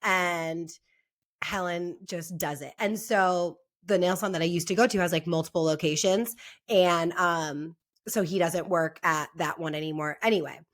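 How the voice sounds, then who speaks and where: A woman's voice: fairly low pitch, moderate pace. A young woman co-hosting a podcast, chatting casually and telling stories with lots of quoted back-and-forth. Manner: chatty storyteller, animated when quoting others. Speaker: podcast co-host. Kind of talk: casual chat.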